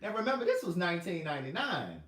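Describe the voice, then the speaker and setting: Middle-aged man, author, animated storyteller, slightly high voice, roomy echo. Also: fast talker. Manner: animated, laughing, acting out quotes. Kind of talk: storytelling monologue.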